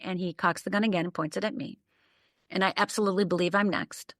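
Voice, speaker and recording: A woman's voice: medium pitch, fairly even intonation, brisk, fairly bright tone, no room sound, studio quality. An older woman from the northern United States telling a personal story as a podcast guest, vivid, detailed and emphatic. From Upper Michigan, USA.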